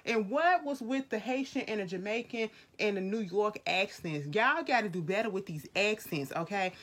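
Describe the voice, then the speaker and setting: A woman's voice: mid-range voice, animated, normal speed, a bit bright, a little hiss or hum. Blunt, profane woman vlogger. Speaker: vlogger reviewing a film. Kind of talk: casual chat.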